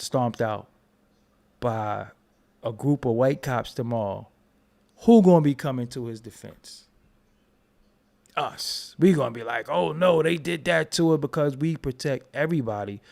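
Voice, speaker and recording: An American man hosting a commentary channel, talking in an animated, emphatic and profane unscripted rant. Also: medium pitch, unhurried, creaky, long pauses. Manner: animated, emphatic, profane, talks over repeated restarts.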